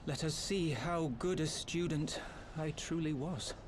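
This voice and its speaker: Actor voicing a small old wizard in a game, slow and solemn, higher voice, faint hiss under it. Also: male voice, natural voice. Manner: slow, archaic farewell speech.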